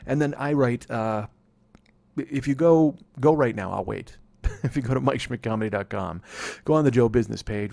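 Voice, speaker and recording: Speaking in a fairly low, creaky, slightly mellow voice, this forty-something podcast host carries the show alone. He wanders casually from thought to thought, cursing and mocking himself as he goes.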